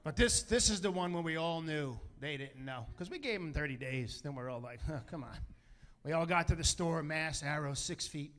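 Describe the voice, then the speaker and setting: A man doing a brash, profane stand-up comedy set, telling stories and acting out quotes with loud punchlines. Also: a little high, moderate pace. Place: comedy stage with a live audience.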